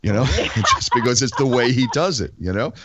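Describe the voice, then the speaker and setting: A man co-hosting a music podcast, chatting in a relaxed, agreeable way. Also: mid-range voice, brisk, highs cut off, heavy background noise. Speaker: podcast co-host. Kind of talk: casual chat.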